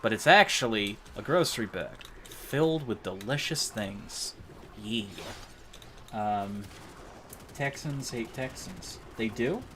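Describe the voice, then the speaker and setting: A man's voice: on the low side, animated, slow, pushed and bright, a little hiss or hum. An American man streaming a game, chatting casually in a joking, rambling way with frequent laughs and casual swearing. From United States. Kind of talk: casual gaming livestream chat.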